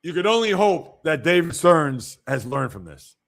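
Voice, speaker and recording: A male sports host riffing on a livestream with blunt, opinionated takes. His voice sits a bit high and carries a gravelly rasp. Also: very animated, normal speed. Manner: blunt, opinionated, reacts to chat. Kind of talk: casual livestream commentary.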